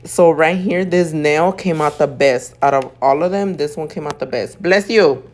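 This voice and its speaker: A woman nail artist recording a casual voiceover at home while doing her makeup. She sounds sleepy because she just woke up, clears her throat now and then, and tells her stories in chatty, profane slang. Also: low-pitched, moderate pace, darkish tone. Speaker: nail artist and video host.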